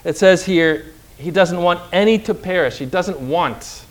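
High-voiced man teaching from the Bible. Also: a little slow, poor audio. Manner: quizzing listeners with questions; emphatic, building to cheerful conclusions. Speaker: Lutheran pastor.

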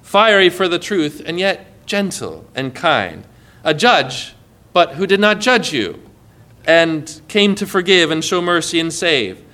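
Bright-voiced man preaching a sermon. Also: very animated, measured pace. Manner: earnest, often dropping low and soft when quoting.

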